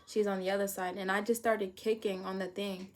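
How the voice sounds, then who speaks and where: Animated woman telling a storytime vlog. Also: brisk. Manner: animated, acts out her own past panic with sudden high-pitched outbursts and laughter. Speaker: vlogger telling a personal story.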